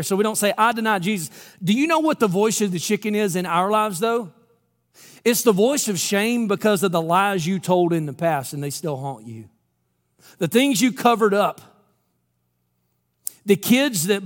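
Male pastor, high voice, dramatic preaching style, church sanctuary with long reverb. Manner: dramatic storytelling, drops to a low hush for emphasis. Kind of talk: sermon.

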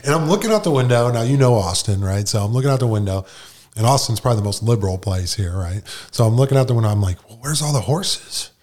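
A middle-aged New Yorker, appearing as a guest, tells a personal story in relaxed, slangy speech and keeps slipping into the voices of people he quotes. His voice is a little low and a bit mellow, expressive and quick-paced.

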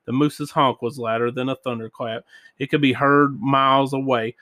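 A man reading children's storybooks and prayers aloud, with gentle sound effects and small voices. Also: mid-range voice, steady tone, moderate pace, no room sound, studio quality. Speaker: reader of children's books.

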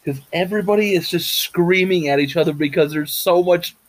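A man's voice: high-pitched, brisk. Profane rambling man. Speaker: podcast co-host. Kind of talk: casual chat.

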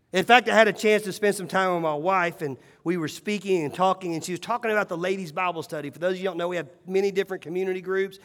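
A pastor preaching a sermon, moving between hushed, slow passages and rising, emphatic calls. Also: male voice, sits high. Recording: long hall reverb.

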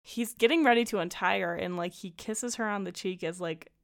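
A woman's voice: medium pitch, a little fast, vocal fry. A woman co-hosting a casual chat, recapping a film with lots of laughs and acted-out lines. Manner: animated, laughs often, acts out lines. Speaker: podcast co-host.

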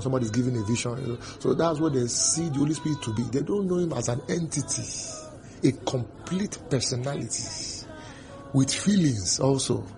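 A man preaching a sermon, repeating his phrases and breaking into sudden loud outbursts. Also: medium pitch, gravelly.

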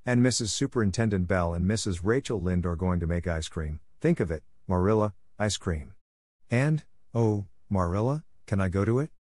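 A man voicing an excitable, chatty orphan girl who gushes eagerly and breathlessly. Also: low-pitched, normal speed, no room sound, clean studio sound. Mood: gushing.

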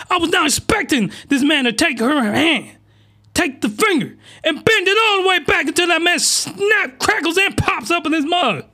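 An excitable man riffs through a crude anime recap in a bright, fairly high voice, full of slang and loud reactions. He talks straight to his viewers. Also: unhurried. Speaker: comedy reaction host.

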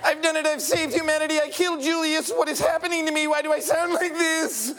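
A man's voice: extremely high pitch, steady tone, fairly quick, music in the background. A man playing a melodramatic adult son from the future who saves humanity, in a live comedy sketch. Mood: whiny. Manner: melodramatic and whiny. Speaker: sketch performer. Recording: live stage recording with loud audience.

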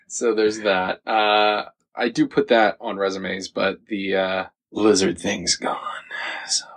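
A man's voice: lowish voice, fairly bright tone. A man co-hosting a casual podcast, joking and laughing as he talks over a film. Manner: joking, laughs often, quick asides. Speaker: podcast co-host. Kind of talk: casual movie-discussion chat.

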